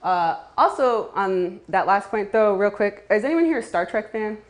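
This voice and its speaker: A woman's voice: medium pitch, lively intonation, normal speed. A woman giving a casual talk to a live audience, chatty, with laughing asides and many fillers. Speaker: community speaker.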